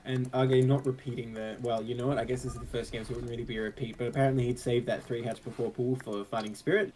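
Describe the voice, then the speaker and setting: A man with an Australian accent casually commentating an esports match, joking and quick to react. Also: medium pitch, little pitch movement, a little mellow, slight background noise, low-quality recording. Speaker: esports caster.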